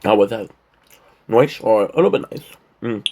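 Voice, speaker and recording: A man's voice: on the low side, expressive, normal speed, pauses often, husky, narrow, tinny audio. A man vlogging to camera in a rambling, joking monologue, short on sleep. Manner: rambling, joking, playful asides. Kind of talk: casual vlog monologue to camera.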